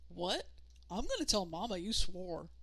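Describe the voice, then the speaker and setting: A woman's voice: on the low side, sing-song, unhurried, a bit bright, slightly rough, dry recording, exaggerated voice. A woman voicing a curt, bullying teenage boy who bosses his younger brother around in an audiobook. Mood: bossy. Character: gruff bossy teenage boy, older brother.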